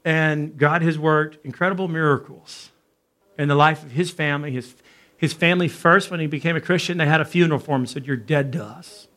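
A middle-aged pastor telling a story in a sermon, acting out the people in it with animated delivery. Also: male voice, on the high side, fairly quick. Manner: animated, acts out dialogue in his story.

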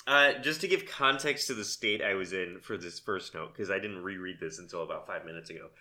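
A man's voice: sits low, brisk, bright, forceful tone. A man hosting a casual podcast chat, rambling through stories and laughing as he talks. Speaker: podcast host.

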